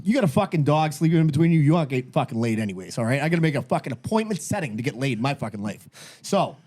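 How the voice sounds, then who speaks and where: A man's voice: medium pitch, a little mellow. A man in his thirties co-hosting a podcast, ranting in a tired, exasperated way and swearing constantly. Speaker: podcast co-host. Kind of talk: casual chat.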